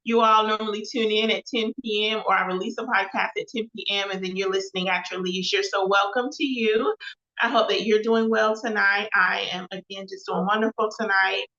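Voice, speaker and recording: A woman's voice: mid-range voice, fairly even intonation, fairly quick, pushed and bright. A woman hosting a casual live show, chatty and repetitive, often calling her viewers y'all. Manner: chatty, repeats phrases, addresses viewers as y'all. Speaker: host of a live show and podcast. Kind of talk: casual livestream talk with faith references. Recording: echoey, slightly dull livestream audio.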